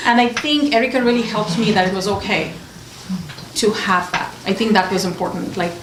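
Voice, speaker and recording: A woman author speaking on a panel, telling lively stories about colleagues and acting out what they said. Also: mid-range voice, a little fast. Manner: animated storytelling, acting out quoted friends. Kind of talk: panel discussion. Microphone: distant mic. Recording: echoey room, distant mic, noisy.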